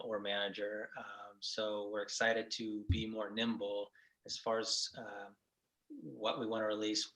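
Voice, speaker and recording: A man, a band member guest, talking in a relaxed, rambling way, thinking aloud. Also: on the low side, rough recording. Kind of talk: casual interview talk.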